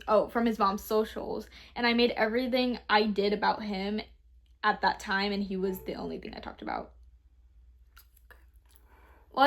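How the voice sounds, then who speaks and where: Giggly young woman reading confessions. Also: fairly high pitch. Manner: giggly, animated, swears. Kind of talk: casual chat.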